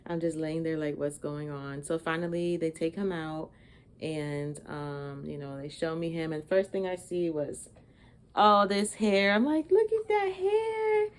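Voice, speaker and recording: Chatty low-voiced young woman. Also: steady tone, unhurried, clear, resonant tone. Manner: chatty, lots of fillers and "like". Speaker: vlogger. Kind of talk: casual storytime.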